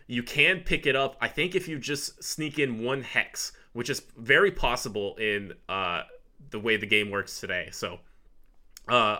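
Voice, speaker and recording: A man's voice: fairly low pitch, bright, forceful tone. A man co-hosting a podcast, chatting casually and animatedly, laughing easily as he runs through his picks. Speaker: podcast co-host. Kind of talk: casual chat ranking picks.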